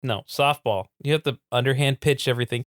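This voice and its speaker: A man's voice: mid-range voice, a little fast, a bit bright, no echo, studio quality. A man co-hosting a podcast in easygoing casual chat. He laughs often. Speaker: podcast co-host.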